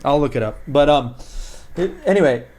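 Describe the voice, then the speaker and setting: A man co-hosting a wrestling podcast, talking excitedly and rambling, with many fillers and some swearing. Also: fairly high pitch, moderate pace. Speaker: podcast co-host. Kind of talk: casual wrestling chat.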